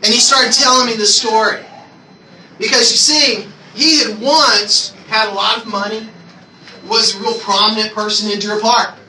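Guy with a really high voice telling his church testimony, animated, echoey hall, mic far off. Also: moderate pace. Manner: animated storyteller acting out his own prayers. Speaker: church speaker sharing a testimony. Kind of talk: personal testimony story. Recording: echoey room from far off, noisy ambience.

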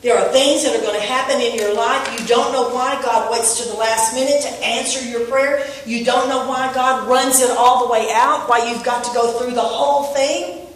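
A woman preaching a sermon in church, telling a story and rising to shouts on key points. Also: on the high side, fairly even intonation, moderate pace, a little hiss or hum. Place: church sanctuary. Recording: echoey room from far off.

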